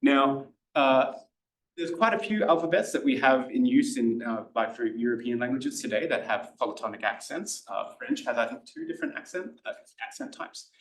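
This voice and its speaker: Casting: Australian male tutor, middle pitch, chatty and halting, recorded from across an echoey room. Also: expressive. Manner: chatty, hesitant, many fillers and restarts. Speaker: Greek tutor giving a lecture. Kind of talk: informal lecture. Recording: roomy lecture room, mic at a distance.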